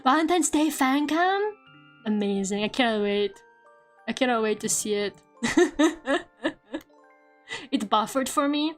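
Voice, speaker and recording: Young woman streamer, high bright voice, loose swearing chatter, soft music under. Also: slow pace, pauses often. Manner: animated, swearing, laughing, reading chat aloud. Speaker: VTuber art streamer. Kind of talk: casual stream chat. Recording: faint music behind. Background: faint background music.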